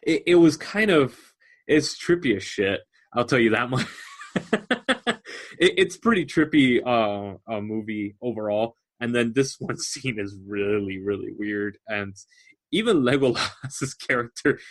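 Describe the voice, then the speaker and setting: A man's voice: medium pitch, lively intonation, a little slow. A man co-hosting a podcast in casual chat, animatedly explaining book lore at length. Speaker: podcast co-host.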